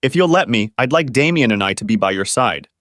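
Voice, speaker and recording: A man's voice: mid-range voice, lively intonation, fairly quick, a bit bright, dry recording, clean studio sound, lightly acted. A man reading as an earnest woman friend. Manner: earnest, supportive. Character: sympathetic adult woman friend.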